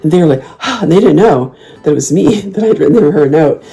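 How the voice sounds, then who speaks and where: A woman hosting a casual chat, telling stories in a sassy, animated way, often laughing and jumping into loud, high mock comebacks. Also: fast, gravelly, slightly rough. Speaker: host.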